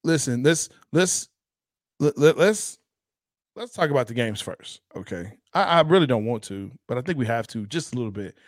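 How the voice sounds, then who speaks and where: Lively-pitched man bantering on a podcast. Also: moderate pace, dry recording, studio quality. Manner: animated, laughs often, teasing. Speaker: podcast co-host. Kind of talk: casual sports chat.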